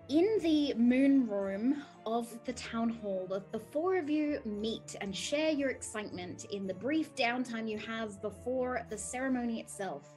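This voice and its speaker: A woman's voice: fairly high pitch, darkish tone. A woman narrating a tabletop game as game master, often breaking into giggles.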